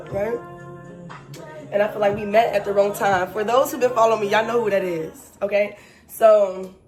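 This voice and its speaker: A young woman vlogger in casual chat, telling a personal story with animated, emphatic asides and exasperated repetition. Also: medium pitch.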